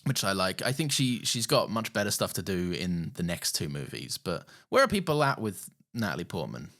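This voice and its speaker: A low-voiced man co-hosting a casual film podcast. His intonation swings widely, and he swears and laughs freely as he talks. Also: sing-song, moderate pace, a bit bright. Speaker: podcast co-host.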